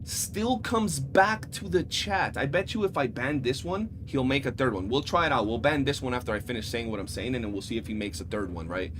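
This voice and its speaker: A man streaming live, telling stories in a casual, animated and profane way. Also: mid-range voice, fairly quick, few pauses, noisy background. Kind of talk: casual livestream chat.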